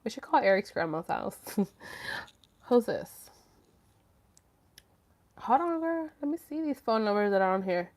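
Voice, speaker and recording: A woman's voice: medium pitch, very animated, measured pace, long pauses, a little mellow. A woman hosting a casual live stream from home, chatty and rambling, swearing freely. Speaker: livestream host. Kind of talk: casual livestream chat.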